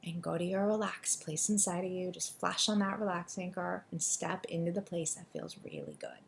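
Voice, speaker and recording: A woman coaching listeners through an EFT tapping session, giving quick, soothing directions and leading affirmations for them to repeat. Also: on the low side, very animated, creaky, slight background noise. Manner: deliberately quick delivery.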